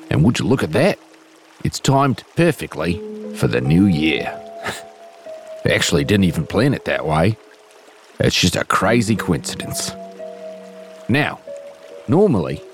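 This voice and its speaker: A man with a put-on Australian accent, playfully leading a slow, soothing guided imagination exercise as a podcast host. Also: lowish voice. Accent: put-on Australian/New Zealand. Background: music and trickling stream sounds.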